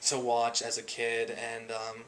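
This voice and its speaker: A man explaining how he does voice impressions in a documentary narration, relaxed and full of pauses. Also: medium pitch, a little hiss or hum. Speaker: amateur impressionist. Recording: documentary draft with music behind.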